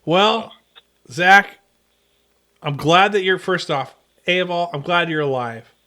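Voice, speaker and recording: Man, podcast host, casual chat, bright ringing tone, fairly high voice, laughs a lot, sarcastic asides. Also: takes it slowly. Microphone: podcast mic on a phone-call episode.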